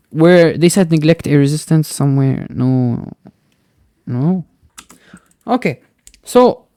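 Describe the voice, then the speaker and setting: A man's voice: a little high, warm tone, no room sound. Dry-voiced man teaching physics. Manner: explains step by step, often checking with "right?" and "okay?"; mixes in Arabic words. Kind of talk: recorded tutoring lesson.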